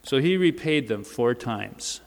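A man's voice: mid-range voice, animated, unhurried, creaky. A man giving a sermon in a church, speaking in a conversational way with informal asides. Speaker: preacher. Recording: reverberant church hall.

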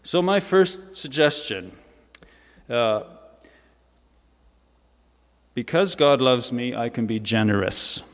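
A man preaches a sermon in a relaxed, chatty way and keeps dropping in informal asides. His voice sits at an ordinary pitch for a man. It rings with the long reverb of a church hall. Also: a little slow.

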